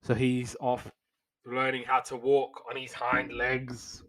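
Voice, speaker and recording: A young man with a middle-pitched voice retells a cartoon episode in a loose, conversational recap. He drops wry, slangy asides and slips briefly into quick put-on voices for the characters he quotes. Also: monotone, fairly bright tone, poor audio. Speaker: podcast host reviewing old cartoons.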